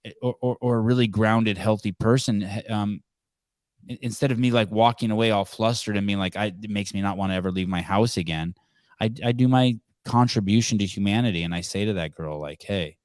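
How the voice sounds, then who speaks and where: Halting low-voiced male podcast host. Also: fairly even intonation, a little mellow, no room sound. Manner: halting, repeats words, swears casually. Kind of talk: casual call-in chat.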